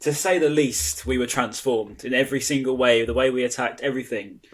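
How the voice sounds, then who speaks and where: A man hosting a fan podcast, talking fast with a husky edge to his voice. His questions ramble on with eager fan enthusiasm. The delivery is casual and conversational. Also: mid-range voice. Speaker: podcast host.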